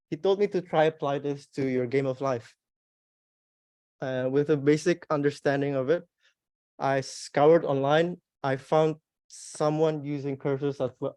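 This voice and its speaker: A man's voice: medium pitch, darkish tone, no room sound. Young man giving a dry-sounding meetup talk. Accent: Australian. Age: young adult. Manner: hesitant, plain-spoken with restarts and fillers. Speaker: conference speaker.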